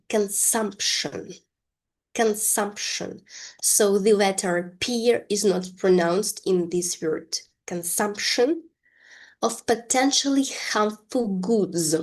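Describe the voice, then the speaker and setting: A woman leads an English lesson at a very unhurried pace. She stretches out each word carefully, stopping to point out stress and silent letters. Her voice sits at a middling pitch. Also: darkish tone. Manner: slow, careful pronunciation drills. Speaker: English teacher. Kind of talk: language lesson.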